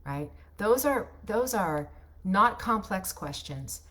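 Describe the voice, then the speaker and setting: A woman voiceover coach teaching in a casual, chatty way, often ending points with a quick "right?". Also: mid-range voice, expressive, fairly bright tone. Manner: chatty, ends points with tag questions; loose, unpolished delivery with restarts.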